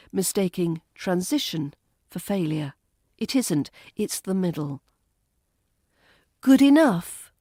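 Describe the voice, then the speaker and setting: A woman with a British RP accent, giving a calm, measured, scripted podcast lesson as an accent coach. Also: mid-range voice, no echo, studio quality.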